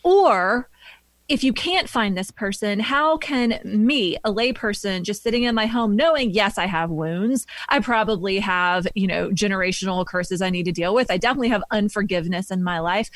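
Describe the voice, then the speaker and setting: A woman's voice: mid-range voice, normal speed, no room sound. A woman hosting an interview, thoughtful and searching for words as she asks questions. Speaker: interview host. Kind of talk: interview conversation.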